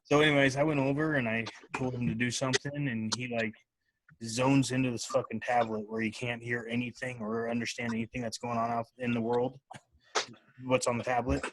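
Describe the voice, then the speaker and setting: A man's voice: medium pitch, brisk, slight background noise. A man hosting a podcast, telling family stories in casual chat, with lots of swearing. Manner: profane, animated storytelling. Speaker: podcast host.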